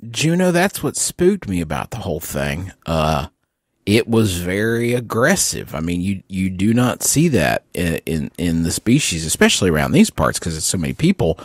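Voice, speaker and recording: A man's voice: sits low, sing-song, no echo, studio quality, heavily acted. A man playing a stammering, sheepish park ranger. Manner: halting, stammering, lots of fillers. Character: rambling nervous male park ranger.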